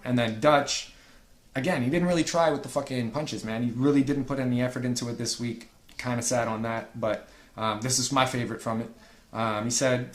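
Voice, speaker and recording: A man talks through rap battle verses in a loose, profane, laid-back way, sometimes tripping over the lines he reads out. His voice sits at a middling pitch. The room around him is echoey. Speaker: rap battle league reviewer. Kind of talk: casual review commentary.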